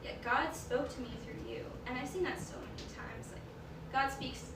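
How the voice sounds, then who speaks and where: A woman's voice: high-pitched, normal speed, vocal fry. College girl giving a testimony in an echoey room. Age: young adult. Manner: casual, rambling, says "like" constantly. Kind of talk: personal testimony to a group. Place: large echoey room with a gathered audience. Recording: echoey room, voice far from the mic, loud noise.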